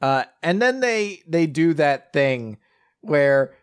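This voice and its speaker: A man's voice: a little high, big pitch swings, slow pace, clean tone. A man co-hosting a casual chat, recapping a story chapter in a rambling way, laughing often and acting out the characters' lines. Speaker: podcast co-host.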